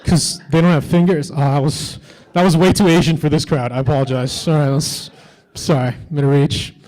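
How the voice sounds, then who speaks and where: Edgy stand-up comedian, man, higher voice. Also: fairly even intonation, fairly quick, darkish tone, rough recording. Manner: edgy, teasing banter with the crowd. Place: stage at a fan convention.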